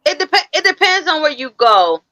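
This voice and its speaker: Bright, high-voiced woman in casual podcast chat. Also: sing-song, normal speed, dry recording, low-quality recording. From Connecticut. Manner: easygoing, explains with repeated phrases. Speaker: podcast co-host.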